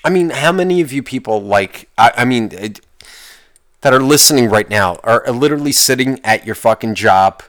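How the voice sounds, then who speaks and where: Man, podcast host, solo casual rant, profane, exasperated, middle pitch, voice jumps high when worked up. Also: lively intonation, normal speed, fairly bright tone.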